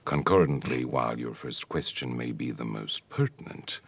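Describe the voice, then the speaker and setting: A man voicing a pompous elderly program architect in a comic movie parody, speaking in deep, gravelly, overly wordy lines. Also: moderate pace, full character voice. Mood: lofty.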